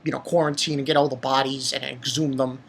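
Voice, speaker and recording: Husky low-voiced woman, wildly animated. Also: fairly quick. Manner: animated, exclaims and swears. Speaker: anime reviewer. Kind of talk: excited episode review.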